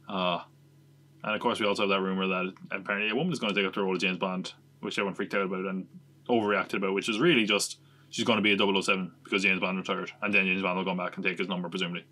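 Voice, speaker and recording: A podcast host chats casually in a low-sitting, bright, pushed voice, racing along with a flat delivery. He rambles, leans sarcastic, and throws in the occasional swear word.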